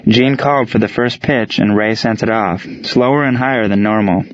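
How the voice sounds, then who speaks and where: Male narrator, low voice, steady storytelling read, dry and slightly muffled recording. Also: moderate pace, dry recording. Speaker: audiobook narrator. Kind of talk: scripted narration.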